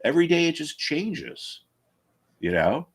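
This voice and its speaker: A man's voice: on the high side, big pitch swings, unhurried, slightly rough. A man hosting a live trading stream, chatting casually and with strong opinions, full of restarts and fillers.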